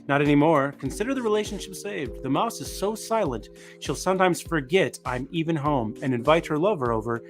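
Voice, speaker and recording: A man with a fairly high voice reads reviews aloud in a dry, deadpan way, like a co-host on a casual live chat show. Faint music runs underneath. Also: a little fast, hardly any pauses. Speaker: podcast co-host.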